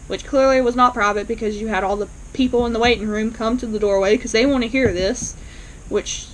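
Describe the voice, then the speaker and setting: A woman's voice: on the high side, slight background noise, poor audio. A woman casually recapping a TV episode for her channel, retelling the plot in a chatty way with lots of fillers. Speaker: TV episode reviewer.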